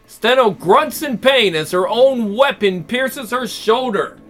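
A man's voice: very high-pitched, lively intonation, slow, a bit bright. A man reading a role-play story aloud, with jokey, chatty asides between the passages.

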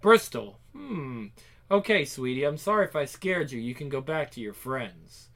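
A man's voice: medium pitch, sing-song, normal speed, fairly bright tone. A man voicing a worried middle-aged father who broods in a tense inner monologue in an amateur voice-acted drama. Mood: suspicious.

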